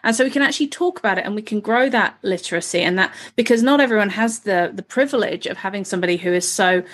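A woman's voice: medium pitch, fast talker. A woman in her forties in casual conversation, rambling and earnest, dropping a swear now and then.

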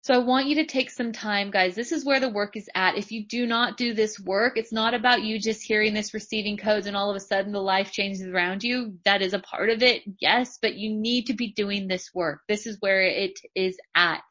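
A woman's voice: medium pitch, moderate pace, hardly any pauses, fairly bright tone. A woman, a podcast host giving a motivational spiritual talk and repeating phrases for emphasis. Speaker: podcast host and business coach. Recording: dull lo-fi recording.

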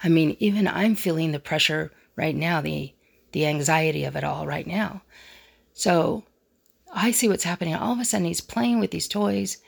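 A woman's voice: sits low, normal speed, creaky, breathy edge. A middle-aged woman vlogger animatedly retelling a personal story.

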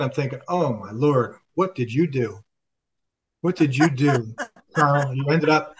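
A man's voice: fairly high pitch, far from the mic, low-quality recording. An older man, a retired army officer guest on a podcast, telling a story in conversation and acting out the dialogue with frequent restarts.

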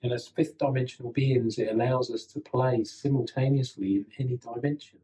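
A man hosting a spiritual podcast, talking in a calm, measured way while he walks the listeners through a demonstration. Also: medium pitch, rough recording. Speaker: podcast host.

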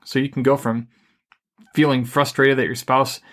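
A middle-aged man co-hosting a podcast, giving relationship advice in a calm, even, deliberately unhurried way. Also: mid-range voice. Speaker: podcast co-host. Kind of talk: casual advice chat.

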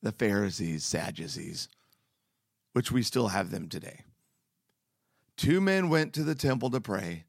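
Male preacher, casual devotional teaching, earnest, slangy asides, unhurried delivery. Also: fairly low pitch, very animated, vocal fry, no echo, studio quality.

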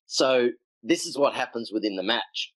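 A middle-aged tennis coach, a podcast guest, telling coaching stories in a relaxed, rambling way with frequent ums. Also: male voice, mid-range voice, moderate pace, no echo, poor audio. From Australia. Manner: animated anecdotes with acted quotes, frequent ums. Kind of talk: conversational storytelling.

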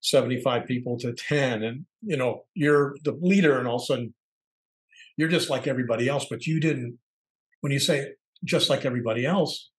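A man's voice: mid-range voice, brisk, rough recording. A middle-aged man sharing candid personal reflections as a podcast co-host, thinking aloud and searching for words. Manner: candid, searching, acts out quoted voices.

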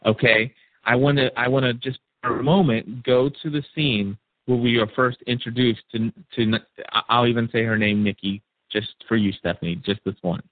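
A man's voice: mid-range voice, steady tone, moderate pace, no room sound. A man hosting a call-in discussion, rambling and repeating words as he thinks. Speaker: call-in show host. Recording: tinny phone-like line.

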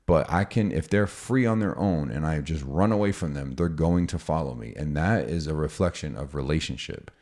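Man, very low voice, casual podcast talk, energetic explainer. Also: moderate pace, few pauses. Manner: energetic, explanatory, acts out dialogue. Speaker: dog trainer, co-host.

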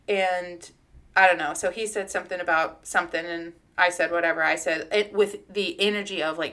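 A woman's voice: on the low side, moderate pace, fairly bright tone. A woman co-hosting a podcast, telling a personal story in a casual, heartfelt way with many fillers and some swearing. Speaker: podcast co-host.

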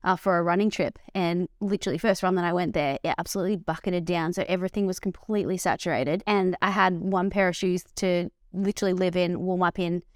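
A woman's voice: on the low side, steady tone, quick pace, hardly any pauses, dry recording, clean studio sound. A woman co-hosting a podcast, chatting casually and laughing easily as she recounts travel mishaps. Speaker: podcast co-host. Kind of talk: casual chat.

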